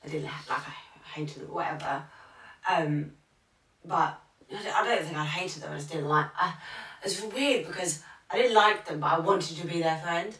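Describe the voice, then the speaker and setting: A woman co-hosts a podcast, chatting casually and rambling with lots of fillers and restarts. Her voice is low and fairly bright, at a moderate pace. The mic is distant, giving a roomy, off-mic sound.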